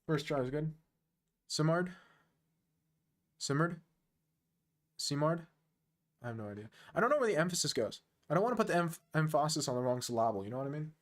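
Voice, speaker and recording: A man streaming online chess, chatting casually and thinking aloud, quick to make fun of his own play. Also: a little high, big pitch swings. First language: English. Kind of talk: casual live-stream commentary.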